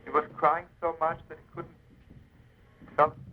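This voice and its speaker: A man's voice: fairly high pitch, little pitch movement, normal speed, phone-quality sound, a little hiss or hum. A man telling a Hasidic tale on the radio, addressing listeners as friends with chuckles and emphasis. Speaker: storyteller. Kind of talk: spoken storytelling on radio.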